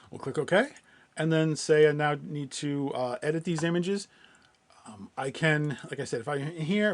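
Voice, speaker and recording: A man presenting a software webinar, walking through a live screen-share demo in a loose, conversational way with many fillers and restarts. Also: a little high.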